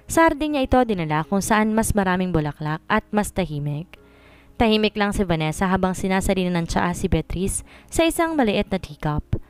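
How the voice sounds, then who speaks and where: A woman's voice: medium pitch, smooth, no room sound. A woman narrating a story in scripted narration, switching between Tagalog and English.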